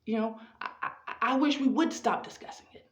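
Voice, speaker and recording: A woman performing a profane, theatrical spoken-word monologue with drawn-out phrasing. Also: a little high. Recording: echoey, dull lo-fi room recording.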